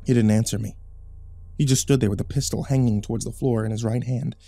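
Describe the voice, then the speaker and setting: A man's voice: mid-range voice, steady tone, fast, vocal fry, mellow, no echo. A man narrating a first-person horror story in a tense, dramatic reading.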